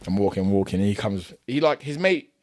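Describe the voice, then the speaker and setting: A man's voice: lowish voice, expressive, a little fast, darkish tone, no echo, clean studio sound. A young British man, a boxer, telling a backstage story on a podcast in casual slang, acting out both sides of the argument and laughing as he goes.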